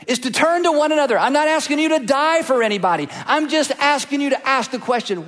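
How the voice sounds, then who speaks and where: A man's voice: extremely high pitch, fast talker, few pauses, a bit bright. A man preaching a sermon as pastor, emphatic and repetitive, rallying the congregation. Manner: emphatic, repetitive, rallies the crowd. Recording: echoey hall reverb.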